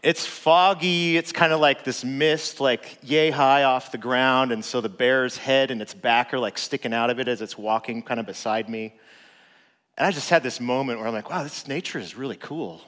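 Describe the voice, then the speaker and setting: Man, a dad, telling a story casually and loosely, mid-pitched, heard with long reverb. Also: moderate pace. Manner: relaxed, conversational, frequent "like" fillers. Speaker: father telling a personal story.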